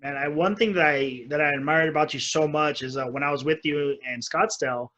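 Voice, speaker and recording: A man hosting a casual podcast interview, speaking in an admiring, relaxed way. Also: on the high side, a little fast, highs cut off. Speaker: podcast host.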